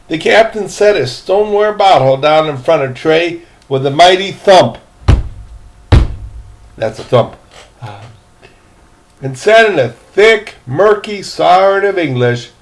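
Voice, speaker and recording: An older man reading a novel aloud, folksy, stopping for chatty asides to the listener. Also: high voice. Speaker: reader, storyteller.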